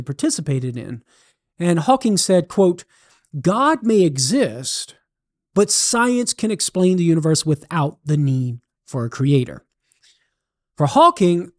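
Lively Cajun man hosting a radio talk. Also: a little high. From southern Louisiana. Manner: lively, storytelling, teacherly. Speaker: radio host and Catholic apologist. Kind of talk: radio talk explaining beliefs.

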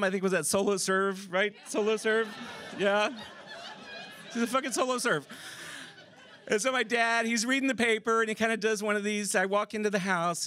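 High-voiced man telling a story on stage. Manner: animated, casual, swears, laughs through the story. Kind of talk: live personal storytelling. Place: theater stage before a live audience. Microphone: stage microphone.

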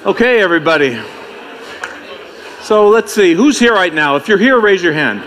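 A man's voice: high-pitched, animated, moderate pace, fairly bright tone. A man emceeing a conference, bantering and joking with the audience in a playful, teasing way. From United States. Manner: playful, teasing, self-mocking.

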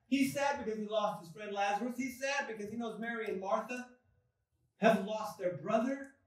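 A male pastor preaching a sermon, slow and deliberate, with dramatic pauses and swells of emphasis. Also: high voice. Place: church sanctuary. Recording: echoey church hall from far off.

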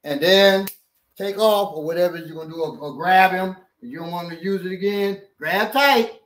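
High-pitched guy showing self-defense moves, jokey and animated, stumbles over repeated words. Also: moderate pace. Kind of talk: hands-on demonstration.

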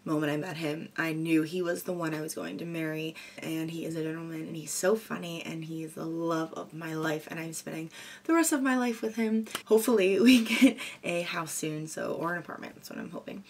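A woman's voice: sits low, steady tone, a little fast. A young woman chatting casually and goofily while doing a makeup tutorial. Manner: goofy, chatty and rambling. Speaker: beauty vlogger.

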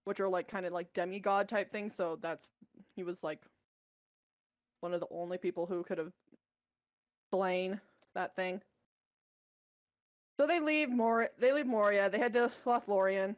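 A woman's voice: mid-range voice, unhurried, pauses often, no echo, lo-fi sound. A woman co-hosting a podcast, casually retelling a book's plot with many fillers and self-corrections. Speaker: podcast co-host.

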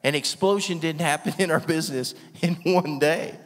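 A man's voice: on the high side, moderate pace. Preaching man in a reverberant hall. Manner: energetic, emphatic, laughs often, rhetorical questions. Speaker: guest preacher. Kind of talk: sermon. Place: church hall with long reverb.

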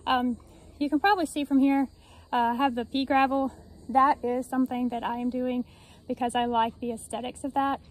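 With a high voice, steady tone and normal speed, a woman explains each step of her backyard garden work while talking casually to the camera. This gardening vlogger is out of breath now and then, captured in a low-quality recording.

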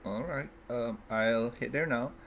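A man's voice: medium pitch, a little slow, gravelly, fairly bright tone, a little hiss or hum. A man playing a character in a tabletop role-playing game who thinks aloud and asks playful questions. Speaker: player.

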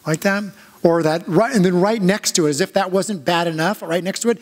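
A male pastor giving a conversational sermon, telling stories in a halting way with frequent restarts. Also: high voice. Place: church sanctuary. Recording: long church reverb.

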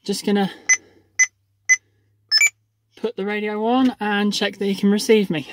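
A balloon retrieve driver giving a casual running commentary outdoors, explaining each step with frequent pauses. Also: medium pitch, little pitch movement, no echo. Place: outdoors in a field and by a car.

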